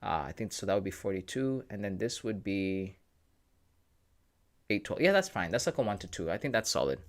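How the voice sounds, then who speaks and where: A man's voice: on the low side, very animated, fairly quick. Man, livestream host, casual and slangy, joking, reads chat aloud.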